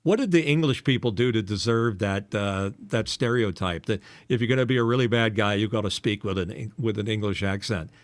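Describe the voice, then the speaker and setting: A man co-hosting a casual podcast chat, a commercial voice actor who talks in an animated way and drops in quick impressions. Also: fairly low pitch, no room sound. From United States.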